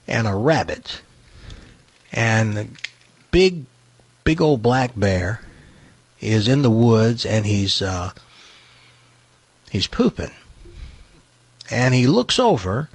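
A man's voice: fairly low pitch, husky, dry recording. A man hosting a radio show, chatting casually and telling a folksy joke with easy laughs.

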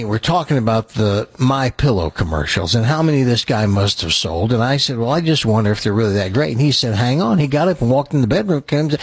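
A man hosting a radio show, chatting and telling a joke in an animated, storytelling way. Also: mid-range voice, breathy edge, no echo.

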